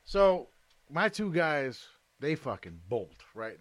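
A man in casual chat who keeps interrupting to take over the story, excitable and repeating himself. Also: fairly high pitch, slow pace.

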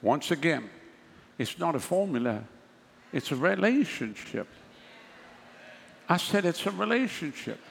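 Male pastor, fairly high, gravelly voice, sermon with sarcastic asides, long hall reverb. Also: very animated, a little slow, long pauses, slight background noise. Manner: conversational preaching, mocking asides.

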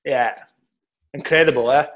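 A Scottish man, a former footballer, chatting casually and telling animated stories with laughs. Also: medium pitch, moderate pace. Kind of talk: casual podcast chat.

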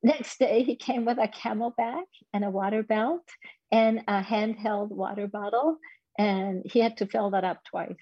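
A woman's voice: mid-range voice, steady tone, measured pace, slightly rough, no echo, muffled recording. A woman in her fifties telling a personal story in an interview, candid and self-deprecating. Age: 50s. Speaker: guest.

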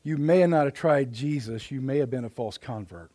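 A middle-aged man preaching a sermon in a church, folksy and plain-spoken, swinging from loud emphatic lines to hushed quiet asides. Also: mid-range voice, normal speed. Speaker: pastor. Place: church sanctuary.

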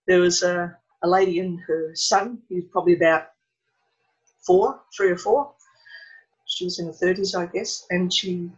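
A woman's voice: on the low side, lo-fi sound. A woman, talking earnestly and with feeling in a conversation. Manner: earnest, impassioned storytelling. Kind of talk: emotional conversational chat.

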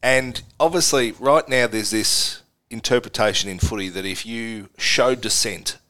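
A man's voice: mid-range voice, unhurried, bright, forceful tone. An Australian man co-hosting a sports podcast, wandering off on long stories and laughing as he rants. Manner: digressive storyteller, laughs through his rants. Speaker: podcast co-host. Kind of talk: casual sports chat.

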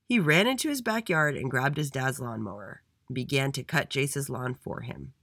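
Storyteller: a man narrating a kids' tale with an animated voice, dry booth sound. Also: medium pitch, moderate pace, no room sound. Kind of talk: reading a children's story aloud.

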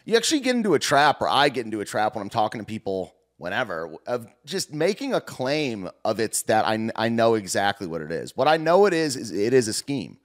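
A man's voice: medium pitch, a little fast, hardly any pauses. A man hosting a casual political chat, rambling and slangy, with playful outbursts. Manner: animated, rambling, slangy ("dude"), breaks into playful squeals.

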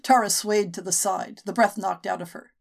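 A woman's voice: medium pitch, steady tone, moderate pace, creaky. Woman narrating a short story. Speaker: podcast narrator. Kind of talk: audiobook narration.

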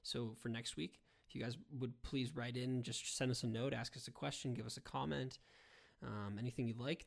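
A man's voice: medium pitch, fairly even intonation, normal speed, creaky. A man co-hosting a casual sports podcast, earnest and folksy. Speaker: podcast co-host.

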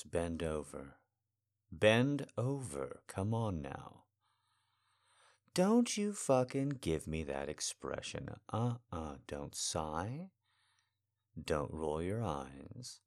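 Slow, deep-voiced man, commanding and teasing. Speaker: audio role-play performer. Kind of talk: adult audio role-play.

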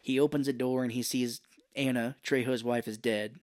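A man's voice: mid-range voice, normal speed, dry recording. Male podcast co-host, mid-range voice, chatty scene-by-scene recapper, dead-dry recording. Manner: animated retelling of film scenes, frequent "he's like". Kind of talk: casual chat.

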